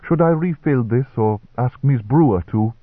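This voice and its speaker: A man voicing a kindly, teasing female nurse with a gentle manner. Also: medium pitch, lively intonation, moderate pace, no echo, voice pushed up, natural voice. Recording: dry, tinny narrow-band recording.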